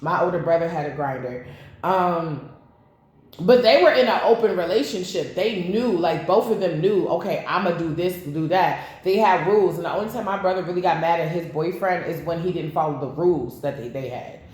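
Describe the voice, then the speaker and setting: A woman's voice: lowish voice, brisk, a little mellow. Blunt woman tarot reader, very echoey room. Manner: blunt, profane, rambling asides. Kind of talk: casual tarot reading to camera.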